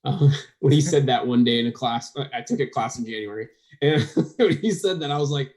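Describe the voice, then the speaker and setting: A man chats as a podcast guest, relaxed and conversational. He throws himself into acting out what others said, jumping up in voice for the quotes before settling back into an even, mid-range delivery. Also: mid-range voice, a little fast, few pauses. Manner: animated, acts out quoted dialogue. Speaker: guest, firearms trainer. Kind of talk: casual podcast chat.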